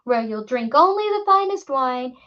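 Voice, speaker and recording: Brief: woman playing young man hamming up a fake posh British host, loud and high, lo-fi audiobook sound. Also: lively intonation, normal speed. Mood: mocking bluster. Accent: bogus plummy British. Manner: bellowing, mock-grand. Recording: dull lo-fi recording.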